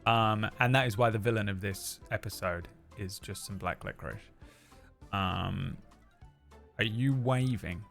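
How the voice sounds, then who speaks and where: A man's voice: lowish voice, unhurried, vocal fry, a bit bright, faint music behind. A man running a tabletop role-playing game as game master, jokey and rambling, with many fillers.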